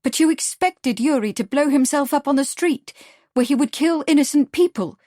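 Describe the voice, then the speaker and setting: A woman reading the lines of a frightened, earnest young woman, hushed and pleading, in an audiobook. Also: a little high, brisk, no echo, studio quality, close to an everyday voice.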